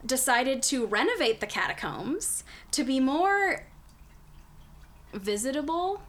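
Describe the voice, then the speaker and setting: A woman's voice: sits high, very animated, slow, fairly bright tone. A woman hosting a podcast, recapping history in casual, chatty talk, swearing freely and laughing often. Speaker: podcast host.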